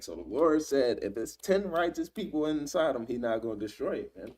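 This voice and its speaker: A man reading scripture aloud and explaining it in relaxed everyday slang, often checking in with "right?". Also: mid-range voice, normal speed, far from the mic. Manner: reads scripture then paraphrases in slang, frequent "right?". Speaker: Bible teacher. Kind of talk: casual Bible study reading and commentary.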